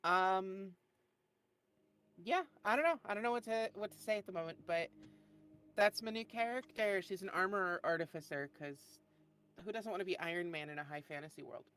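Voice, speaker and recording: A woman's voice: mid-range voice, moderate pace, fairly bright tone, clean tone. Bubbly woman with a Southern accent. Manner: bubbly, a little scattered. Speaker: player. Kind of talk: casual chat.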